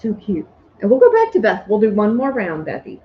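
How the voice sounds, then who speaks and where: A woman's voice: mid-range voice, huge pitch swings, a little fast, dull audio, a little hiss or hum. A woman hosting a live online sale, counting down bids and chiming in with short replies.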